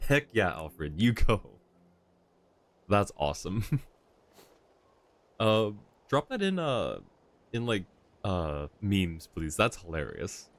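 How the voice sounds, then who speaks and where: A man's voice: sits low, very animated, takes it slowly, long pauses. A man streaming a video game live, giving chatty, rambling commentary and laughing often.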